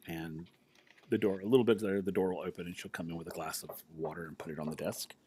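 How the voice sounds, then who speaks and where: A man's voice: low voice, fairly even intonation, fast, a little hiss or hum. A man narrating a tabletop game as game master, chatty and rambling as he describes the scene. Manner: chatty, rambling, many fillers and restarts.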